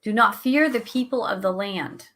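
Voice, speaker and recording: A middle-aged woman hosting a show, teaching a Bible study in a conversational, animated way and laughing at herself now and then. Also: medium pitch, normal speed. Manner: animated, chatty, acts out quotes, laughs at herself.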